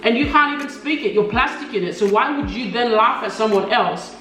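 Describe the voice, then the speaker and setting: A woman's voice: fairly quick, recorded from a distance. Echoey young woman telling a story. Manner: animated, acts out quoted voices in high pitch, laughs often. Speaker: mukbang co-host. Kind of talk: casual storytelling chat. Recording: echoey room, off-mic, faint music.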